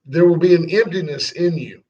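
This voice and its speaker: A man's voice: on the high side, normal speed. A man co-hosting a radio show, chatting casually and joking with sarcastic asides. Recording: dull lo-fi sound.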